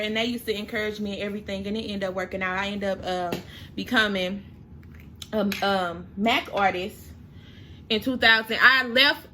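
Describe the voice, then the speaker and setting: A woman's voice: fairly high pitch, pushed and bright, slight background noise. A young woman, chatting casually through a storytime while doing her makeup, emotional and at times close to tears. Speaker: makeup vlogger.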